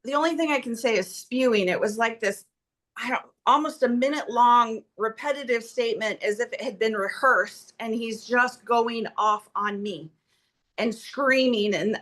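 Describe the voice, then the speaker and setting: A woman testifying as petitioner at a court hearing, recounting events in an agitated, rushed way. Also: a little high, fairly bright tone.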